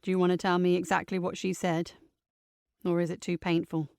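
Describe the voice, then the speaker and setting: A woman voicing a calm, caring aunt, speaking low and gently in an audiobook. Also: a little fast, gravelly, dry recording, clean studio sound. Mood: soothing. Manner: low and soothing. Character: calm, caring aunt comforting her niece.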